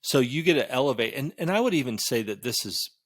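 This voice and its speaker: A man hosting a podcast, talking in an animated, emphatic way and swearing casually. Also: medium pitch, fast talker, no room sound, studio quality. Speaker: podcast host.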